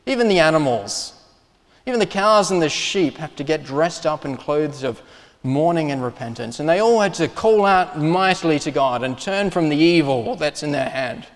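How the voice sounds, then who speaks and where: Earnest preacher in a reverberant church. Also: male voice, on the high side. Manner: earnest, emphatic preaching with pauses and restarts. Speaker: pastor. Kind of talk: sermon.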